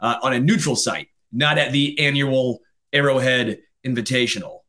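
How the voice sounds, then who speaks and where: A male sports show host with a bright, forceful voice reads out viewer messages and ribs his guest. He keeps it loose and playful. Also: mid-range voice, steady tone, normal speed. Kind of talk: casual sports talk.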